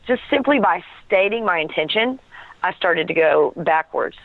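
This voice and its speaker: A woman's voice: lowish voice, lively intonation, moderate pace, creaky, no echo. A woman telling a personal story as an interview guest, earnest and searching for words, often breaking into a laugh. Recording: tinny phone line, dry.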